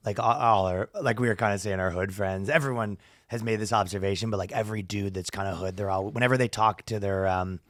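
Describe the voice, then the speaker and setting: A man's voice: lowish voice, steady tone, fast, fairly bright tone, dry recording, studio quality. Rambling, profane man hosting a podcast. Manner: rambling, profane, laughs at own stories. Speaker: podcast host. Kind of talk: casual comedy podcast chat.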